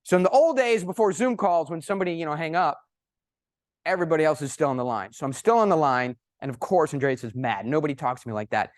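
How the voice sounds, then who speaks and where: Animated male conference speaker, bright-toned. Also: on the high side, fast talker, dry recording, clean studio sound. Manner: animated, emphatic anecdote-telling. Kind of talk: presentation with storytelling.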